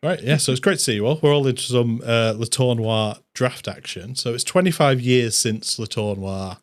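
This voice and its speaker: Upbeat man hosting a show. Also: medium pitch. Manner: upbeat, jokey, quick asides. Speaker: host. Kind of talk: hosting a live draft show.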